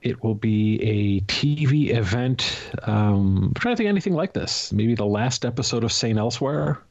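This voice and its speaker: A man in an easygoing podcast chat, cracking jokes at his own expense. His voice sits at an ordinary pitch, relaxed and conversational. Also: normal speed, vocal fry, dull audio. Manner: joking, chatty, self-deprecating. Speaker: podcast co-host.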